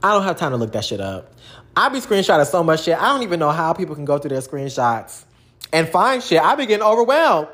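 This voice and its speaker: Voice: medium pitch, sing-song, fast talker, a bit bright, reverberant. A young adult vlogger talking in a casual, rambling monologue full of slang and fillers.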